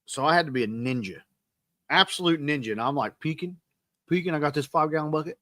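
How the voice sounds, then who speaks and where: Male podcast host, 30s, bright and punchy tone, self-deprecating storyteller, dry close mic. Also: a little high, fast talker, no echo. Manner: rambling, self-deprecating, animated retelling. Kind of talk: casual storytelling monologue.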